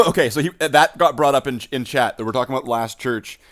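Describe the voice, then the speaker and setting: Man, host, casual painting stream chat, halting, repeats words. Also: medium pitch.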